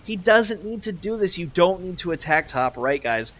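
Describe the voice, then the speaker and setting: A young man with a slightly raised voice casts a live strategy game, ranting and fed up with the players. He jumps from loud yelling to low, muttered asides. A faint hiss sits under the recording. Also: lively intonation, moderate pace. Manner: ranting, exasperated, swings between loud outbursts and muttered asides. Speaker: game caster and streamer.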